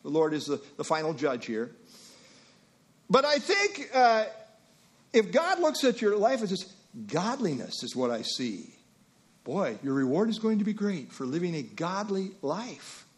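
Lively high-voiced preacher man. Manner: emphatic, with rhetorical questions and quick asides. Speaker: pastor. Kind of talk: expository sermon.

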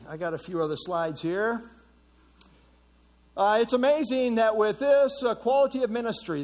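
Middle aged guy teaching bible study, bit higher voice, husky, lots of uh and you know. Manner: conversational, many fillers and restarts.

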